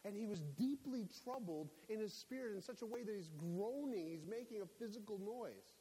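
A man preaching a sermon in a church, emphatic and climbing to near-shouts on his key points. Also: sits high, lively intonation, moderate pace, breathy edge. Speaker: pastor. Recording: echoey hall with faint hiss.

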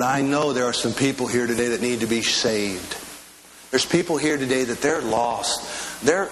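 A middle-aged man preaching in church, telling homely stories and slowing into earnest pleas. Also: medium pitch, a little hiss or hum, poor audio. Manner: folksy storytelling preacher, slows into earnest pleas. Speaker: pastor. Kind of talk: sermon. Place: church sanctuary.

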